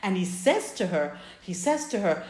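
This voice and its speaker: A woman teaching a class over a video call, telling a parable in an animated, emphatic way. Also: medium pitch, moderate pace, echoey room. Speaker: religious teacher.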